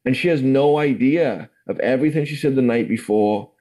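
A man's voice: mid-range voice, moderate pace, mellow, low-quality recording. An English man in his forties, telling his life story in a rambling, casual way full of fillers. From England. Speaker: guest. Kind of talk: casual testimony interview.

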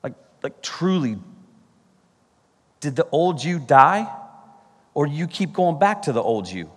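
A man preaching a sermon as pastor, animated, breaking into playful mock exasperation and sudden exclamations. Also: a little high, unhurried, husky, big-room sound.

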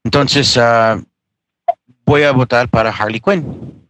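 A man on a podcast panel, calmly giving his vote with pauses as he thinks. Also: medium pitch.

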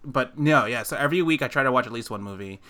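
A man's voice: medium pitch, fast talker, bright, forceful tone. A man co-hosting a podcast, chatting casually and rambling with many fillers and restarts. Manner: rambling, lots of fillers and restarts, laughs often. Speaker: podcast co-host. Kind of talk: casual chat.

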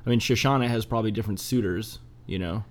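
Man, low voice, podcast co-host, casual chat, playful teasing, rambling. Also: fast talker.

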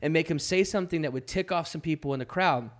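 A man's voice: a little high, fast talker. A man who is a pastor, talking casually on a podcast and sometimes joking around in silly accents. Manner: playful, slips into goofy put-on accents.

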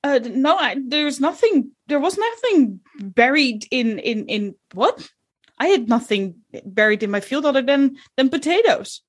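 A woman's voice: high voice, sing-song, a little slow, husky, voice pushed up, heavily acted. A woman voicing a flustered middle-aged male potato farmer in a tabletop role-play, stammering and evasive.

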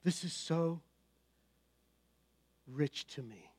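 A man with a notably high voice preaches a sermon, fervent and emphatic, circling back on his key phrases and checking in with his listeners. The sound is dry and close, with no room around it. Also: drawn-out words, a little mellow, slightly rough, dry recording. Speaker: pastor.

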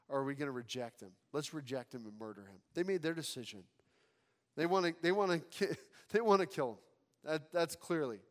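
A man preaching a sermon as pastor, animated, acting out voices from the scripture passage. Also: sits high, in a large hall. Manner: animated preaching, acts out crowd and Pilate lines.

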